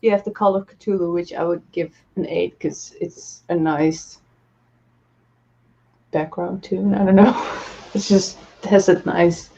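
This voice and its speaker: Woman co-host, low-ish mellow voice, chill and giggly, dull lo-fi sound. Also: a little slow, vocal fry, slight background noise. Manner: relaxed, laughs easily, grades songs. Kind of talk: casual music chat.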